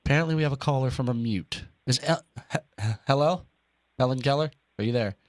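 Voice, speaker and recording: A man's voice: mid-range voice, fast talker, no room sound, clean studio sound. A man co-hosting a sports talk show, joking around in casual, playful banter.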